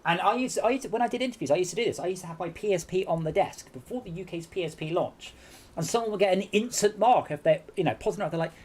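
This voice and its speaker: A man's voice: high-pitched, fast talker, darkish tone, breathy edge. A man hosting a casual game-night stream, telling rambling anecdotes full of restarts. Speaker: stream host. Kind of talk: casual chat.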